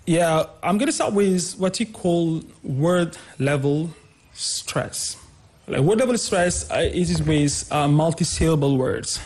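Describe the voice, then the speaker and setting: A man's voice: a little high, slow, darkish tone. A man explaining English pronunciation on a radio lesson, repeating example words with fillers. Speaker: English teacher guest.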